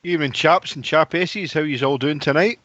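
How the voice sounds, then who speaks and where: A man's voice: a little high, a little fast, fairly bright tone, dry recording. A man calling in to a fan radio phone-in, chatty and jokey with lots of fillers. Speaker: caller. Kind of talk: casual phone-in chat. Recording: dull lo-fi phone audio, dry.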